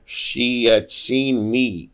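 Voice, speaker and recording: A man's voice: mid-range voice, extremely slow, clean tone. A man, a podcast guest, telling stories in a casual way and acting out the voices of the people he quotes. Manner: animated, acts out quoted voices. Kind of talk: casual storytelling.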